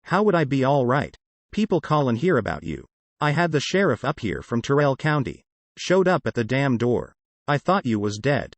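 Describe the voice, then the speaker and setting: A man's voice: mid-range voice, big pitch swings, normal speed, no echo. A man reading the part of a frightened young wife who speaks anxiously and pleads.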